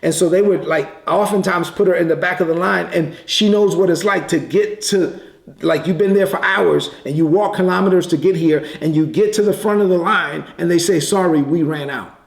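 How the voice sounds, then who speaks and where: A man preaching in a conversational way, telling a story with quick bursts and repeated words. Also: high voice, creaky. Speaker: pastor. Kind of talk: sermon storytelling. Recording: echoey room.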